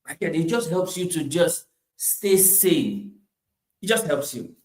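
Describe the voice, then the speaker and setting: Male motivational speaker, high-pitched and emphatic, in a roomy space. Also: lively intonation, unhurried. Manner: emphatic, repeats phrases, swings between loud bursts and quiet asides. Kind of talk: motivational talk.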